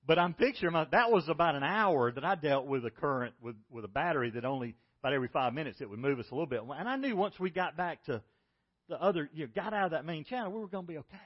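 A middle-aged man preaching a sermon as pastor, telling a personal story and moving between loud, excited bursts and hushed, tender lines. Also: fairly high pitch, highs cut off.

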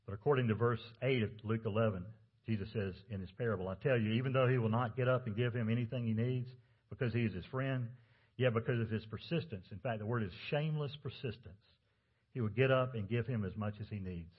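Guy pastor preaching a sermon, kinda husky and low, dull lo-fi audio, asks the room questions a lot. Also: fast talker. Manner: conversational preaching with rhetorical questions.

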